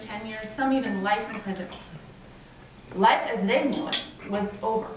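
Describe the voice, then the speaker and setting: A woman's voice: fairly high pitch, recorded from a distance, slight background noise. A woman in her thirties, a nonprofit founder, giving an enthusiastic, grateful fundraiser speech with personal stories, recorded in a large convention hall. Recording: echoey hall picked up from afar.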